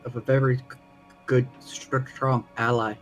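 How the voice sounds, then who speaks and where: A man's voice: medium pitch, level tone, measured pace, faint music behind, natural voice. A man playing a nervous male envoy in a tabletop role-play, stuttering hard over nearly every word. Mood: stammering, pleading. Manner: heavy stutter, repeated syllables.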